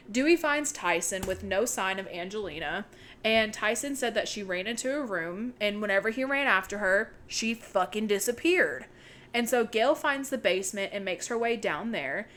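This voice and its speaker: Excited young woman recapping a movie. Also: a little high, slight background noise. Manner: excited, swears freely, retells scenes. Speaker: podcast co-host. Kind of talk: casual movie recap chat.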